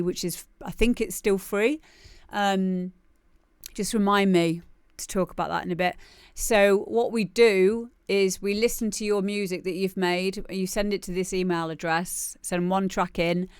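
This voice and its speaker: A woman's voice: mid-range voice, clear, resonant tone, dry recording, studio quality. A woman hosting a live music demo show, chatting casually and laughing often. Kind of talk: casual live-stream chat.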